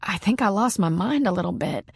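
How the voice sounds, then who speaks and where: A woman voicing a grieving young widow who is crying, her voice shaky and high. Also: animated, brisk, gravelly, darkish tone, slightly rough, no echo, studio quality. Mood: tearful. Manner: sniffling, shaky, high and breaking.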